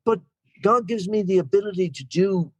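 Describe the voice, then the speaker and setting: Irish man, 60s, rambling self-deprecating recovery share; fairly high voice, dry close sound. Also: moderate pace, breathy edge, no room sound. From Ireland. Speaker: guest speaker.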